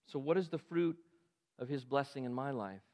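A man preaching a sermon as pastor, impassioned, climbing to emphatic peaks and falling to quiet asides. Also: medium pitch, normal speed, big-room sound. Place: church sanctuary.

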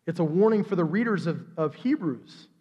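A pastor preaching a sermon in church, retelling the story with lively asides and briefly acting out each character in quick voices. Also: male voice, a little high, husky, long reverb tail, highs cut off. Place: church sanctuary.

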